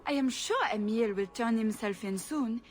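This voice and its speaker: A woman's voice: a little high, moderate pace, close to an everyday voice. A woman playing a gushing French countess. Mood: flustered. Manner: gushing, theatrical, evasive. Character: fussy aristocratic countess, middle-aged woman, flustered. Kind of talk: video game voice acting.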